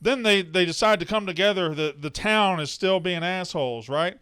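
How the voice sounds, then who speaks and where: Bright, animated man co-hosting a movie podcast. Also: high voice, normal speed, clear, resonant tone, no room sound, studio quality. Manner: animated, acts out film lines in loud mimicry. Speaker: podcast co-host. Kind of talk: casual film review chat. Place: studio.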